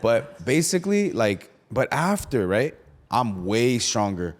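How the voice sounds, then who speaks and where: Slangy, animated young man talking faith. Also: mid-range voice, unhurried. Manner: slangy, animated storytelling with lots of "right?". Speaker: podcast host. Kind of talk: casual faith talk.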